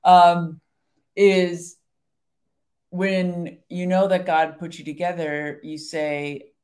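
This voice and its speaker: A woman's voice: on the low side, little pitch movement, extremely slow, a little mellow. A woman in casual conversation about faith and marriage, earnest and encouraging, thinking aloud as she goes.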